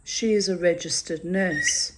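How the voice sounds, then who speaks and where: Slow blunt-spoken older woman. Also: lowish voice, fairly even intonation. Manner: blunt, sweary, exasperated asides. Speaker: diarist reading her journal. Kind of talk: diary-style personal reading.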